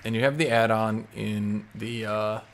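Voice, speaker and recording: A man streaming live, chatting casually and enunciating loudly into a desk mic. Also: fairly even intonation, a little slow. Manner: loud, enunciating into the mic, swings to a low normal voice.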